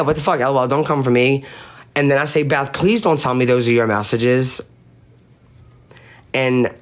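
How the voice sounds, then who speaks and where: Man, live-stream panelist, casual chat, blunt, swears a lot, reads chat messages aloud, repeats points, mid pitch. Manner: emphatic, repeats points for effect. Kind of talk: casual chat recounting online drama.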